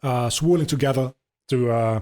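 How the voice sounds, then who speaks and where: Rambling, swearing man with a mellow voice. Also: medium pitch, moderate pace. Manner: rambling, swearing, many ums. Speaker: podcast host. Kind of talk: casual chat, explaining video game lore.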